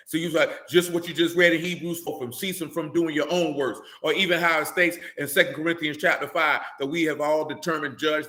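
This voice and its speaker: A man preaching a fiery, blunt sermon, scolding his listeners with rhetorical questions and rising to shouts. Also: a little high, echoey room. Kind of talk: fiery street-style sermon.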